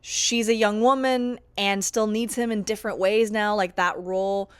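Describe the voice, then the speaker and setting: A young woman giving casual vlog commentary on a TV series, chatty and animated, often apologizing and joking about herself. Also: mid-range voice, moderate pace, smooth, dry recording. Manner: chatty, animated, self-deprecating. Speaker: TV show reviewer.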